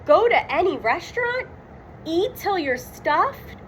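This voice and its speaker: Here is a jittery storybook cartoon guy who lives for his next meal, voiced by a woman reading to children. His voice sits high and bursts into loud yelps. The exclamations come in a rush. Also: slow pace, a little hiss or hum, heavily acted. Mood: easygoing. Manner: excitable, yelping exclamations. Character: jittery, always-hungry young cartoon man. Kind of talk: children's storybook read-aloud.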